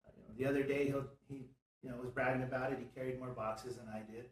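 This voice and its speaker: In a studio, a man hosts a casual motivational chat, his medium-pitched voice steady and his pace quick. He's a show host and business owner who talks earnestly and a bit preachily, saying "you know" often. The recording sounds roomy, with him distant from the mic.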